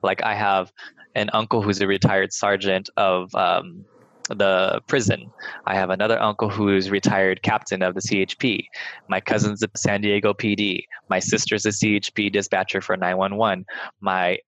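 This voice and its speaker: A man's voice: low voice, little pitch movement, moderate pace, a bit bright, no echo. A young man, a podcast guest, telling personal stories candidly and swearing casually. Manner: frank, casual swearing, lots of "like". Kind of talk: candid storytelling. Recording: slightly muffled, dry.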